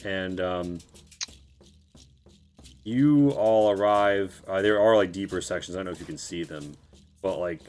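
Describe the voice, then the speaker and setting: A man's voice: low voice, steady tone, normal speed, soft background music. A man narrating as game master of a tabletop game, rambling loosely with many fillers.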